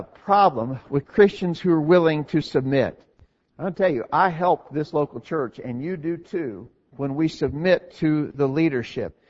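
A man's voice: on the high side, big-room sound, muffled recording. A man preaching an earnest sermon to his congregation, stressing his points and asking rhetorical questions.

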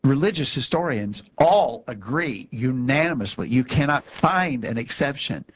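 A man's voice: mid-range voice, expressive, moderate pace, dull audio, slight background noise. A man co-hosting a Bible discussion show, explaining Scripture in an emphatic, conversational way and repeating himself when he insists.

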